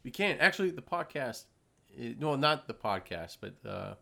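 A man's voice: mid-range voice, normal speed, vocal fry. A man hosts a podcast and talks straight to the viewers in the chat room. His voice rises and falls a lot in easy, casual chat. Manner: lively, speaks to the chat room. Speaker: podcast host.

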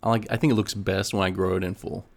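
A man's voice: low-pitched, little pitch movement, fast talker, creaky. A man co-hosting a podcast in casual chat, easygoing and a bit hesitant, chuckling now and then. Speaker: podcast co-host.

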